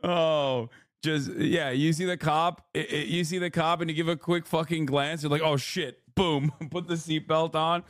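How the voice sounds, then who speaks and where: A man's voice: fairly high pitch, steady tone, moderate pace, no room sound. A man with a slightly raised voice riffs over clips on his stream, mocking and swearing, often breaking into laughter. The sound is dry and close, with no room around it. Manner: mocking, profane, laughing asides. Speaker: streamer host. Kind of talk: live-stream reaction commentary.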